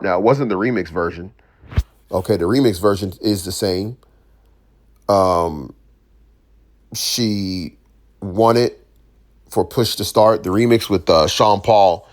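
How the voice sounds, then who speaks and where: Casual slangy man, low voice. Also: a bit bright. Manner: conversational, slangy, with many restarts and asides. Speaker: commentator. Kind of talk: casual opinion monologue.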